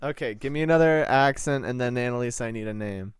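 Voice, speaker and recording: A man's voice: mid-range voice, fast talker, clean tone, no echo, clean studio sound. A young man running a tabletop game as game master, joking and laughing in a casual chat.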